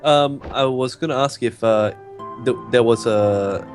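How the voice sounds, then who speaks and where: A man's voice: mid-range voice, a little slow, soft background music. A man in casual chat, asking easygoing questions about a game. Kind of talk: casual let's play chat.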